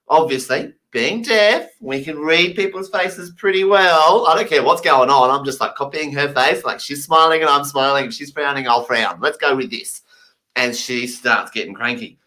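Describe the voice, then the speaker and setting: A man's voice: a little high, bright, forceful tone, rough recording. A man from England, doing stand-up storytelling and acting out the voices of the people in his anecdotes. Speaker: stand-up comedian.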